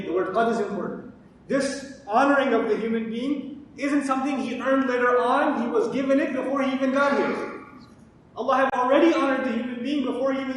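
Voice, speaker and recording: A man teaching Quran commentary, asking his audience questions and answering them himself. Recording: echoey hall, distant mic, faint rumble.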